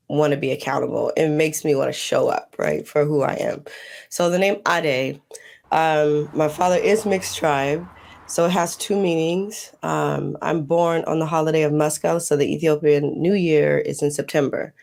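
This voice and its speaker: A woman speaking as a guest in a casual podcast conversation, reflective and slow, laughing often as she talks. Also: low voice, vocal fry, a little mellow. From United States. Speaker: guest, holistic healer.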